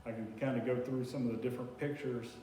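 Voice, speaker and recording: A man's voice: mid-range voice, fairly even intonation, quick pace. Folksy man in an echoey room. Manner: rambling, filler-heavy, folksy. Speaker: speaker giving a talk on native plants. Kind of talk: casual presentation to a local audience. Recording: echoey room, distant mic, faint hiss.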